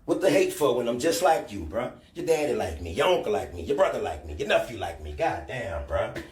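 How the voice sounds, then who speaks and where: A man on a live stream delivering a loud, profane rant, scolding and repeating himself for emphasis. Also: fairly low pitch, sing-song, a little fast, echoey room.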